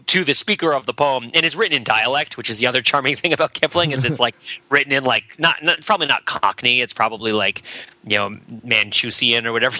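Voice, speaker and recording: Bright, chatty man on a headset. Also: mid-range voice, no room sound, poor audio. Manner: rambling, self-interrupting, laughs often. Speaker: podcast co-host. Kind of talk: casual discussion of literature.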